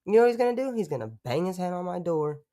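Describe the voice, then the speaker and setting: A man's voice: sits high, sing-song, very fast, warm tone, dry recording, studio quality. A man streaming live, chatting casually and rambling, swearing freely and breaking off to talk to his dog.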